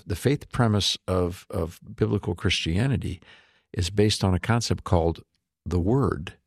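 A man hosting faith-based political commentary in a measured manner, with the odd filler. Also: low voice, creaky, a little mellow, slightly rough, dry recording, studio quality. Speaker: talk show host.

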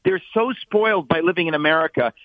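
A man's voice: a little high, quick pace, dry recording. Scornful man on a tinny phone line. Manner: forceful, mocking, scornful. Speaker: guest. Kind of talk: emphatic opinion talk.

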